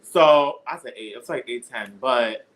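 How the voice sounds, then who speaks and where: A man with a Bronx New York accent, chatting as a podcast guest in a sassy, animated, laughing way. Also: medium pitch, measured pace. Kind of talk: casual podcast chat.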